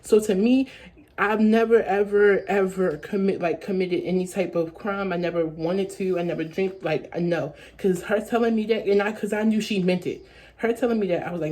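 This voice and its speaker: A woman's voice: medium pitch, a little fast, a little mellow. A young adult woman telling a story-time vlog in a rambling way, repeating herself with many fillers. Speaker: vlogger.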